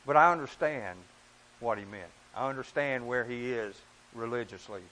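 A man preaching a sermon in an earnest, emphatic way, often rising and dropping in pitch and volume. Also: moderate pace, bright, forceful tone, a little hiss or hum, poor audio.

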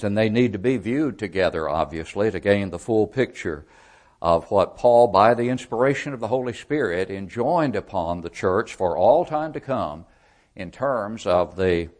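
A man preaching an expository Bible sermon, speaking in a measured, deliberate way with frequent asides and repeated phrases. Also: fairly low pitch.

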